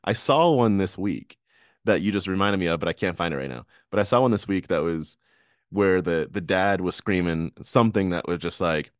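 A man's voice: low voice, expressive, fairly quick, no echo, studio quality. A man co-hosting a podcast, chatting casually about the markets, laughing often and rambling through restarts. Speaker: podcast co-host. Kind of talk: casual finance chat.

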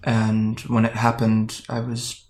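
An actor in his twenties playing a guarded young man from Japan who recounts fleeing home, speaking in a hesitant, halting, wry way in an audio drama. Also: lowish voice, completely flat delivery, darkish tone. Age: 20s.

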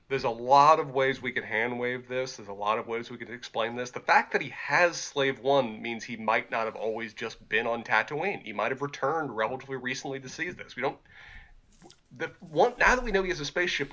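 A man co-hosts a casual podcast, weighing ideas in a thoughtful, measured and hedging way. His voice is bright and a little tense. The recording sounds dull and lo-fi. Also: medium pitch. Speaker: podcast co-host. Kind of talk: casual chat.

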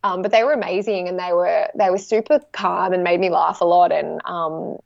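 A woman in her thirties chatting casually, telling a story with lively acted-out quotes. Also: on the low side, normal speed, vocal fry, no echo. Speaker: guest sharing a birth story. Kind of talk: casual chat. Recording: dry, slightly dull sound.

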